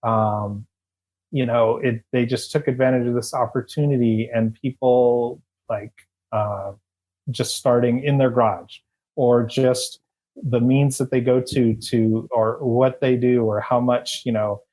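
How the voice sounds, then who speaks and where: A man's voice: medium pitch, flat delivery, unhurried, warm tone. Rambling middle-aged man telling stories. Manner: rambling, many restarts and fillers. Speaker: guest, former eBay employee. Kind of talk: casual interview storytelling.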